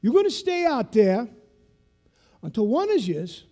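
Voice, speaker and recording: A loud, gruff drill instructor with a thick South Boston accent barks orders as if through a megaphone, as a keynote speaker puts him on. The voice jumps high and pushes hard, with every command clipped and forceful. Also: male voice, wildly swooping pitch, measured pace, faint music behind, full character voice. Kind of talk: storytelling impression in a keynote.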